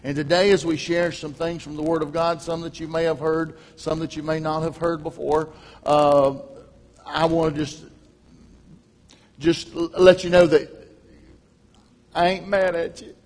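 A man preaching a sermon as a guest preacher, folksy, with a loud carrying voice and joking asides to the congregation. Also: fairly high pitch, little pitch movement, a little slow, pauses often. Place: large church. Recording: long hall reverb.

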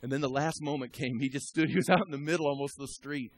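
A man preaching a storytelling sermon who swings from a hushed murmur to shouting and exhorts the congregation directly. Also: mid-range voice, fairly even intonation, quick pace, no echo.

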